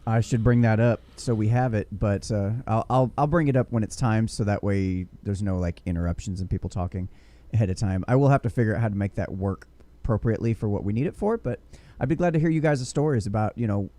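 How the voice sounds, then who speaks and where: A man's voice: fairly low pitch, quick pace, mellow, no room sound. A man co-hosting a podcast, rambling and joking with many restarts. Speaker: podcast co-host. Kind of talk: casual chat.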